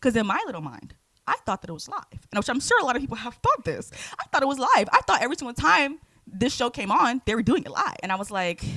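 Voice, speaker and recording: A woman's voice: fairly high pitch, big pitch swings, fast, sharp tone, no echo. A woman in her twenties from Georgia in the United States, co-hosting a casual podcast chat and telling stories dramatically with acted-out quotes. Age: 20s. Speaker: podcast co-host.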